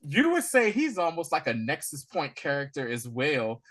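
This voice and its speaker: A man's voice: a little high, moderate pace. A man co-hosting a casual movie review podcast, laughing often and acting out lines from scenes. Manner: animated, laughs often, acts out quotes from scenes. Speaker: podcast co-host.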